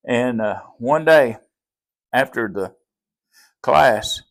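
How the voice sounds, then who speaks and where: A man's voice: mid-range voice, expressive, a little slow, long pauses. An older man, a pastor with a Southern Appalachian accent, telling folksy stories in an interview. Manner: folksy, drawling storyteller who acts out quoted voices. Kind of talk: storytelling in a podcast interview.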